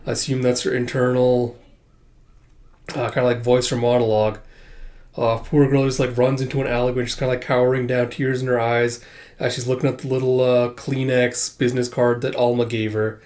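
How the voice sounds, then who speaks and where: A man's voice: medium pitch, little pitch movement, brisk, darkish tone. A man casually reading and summarizing a comic chapter aloud, loose and conversational, with many fillers. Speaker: comic reader. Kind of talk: casual comic read-through.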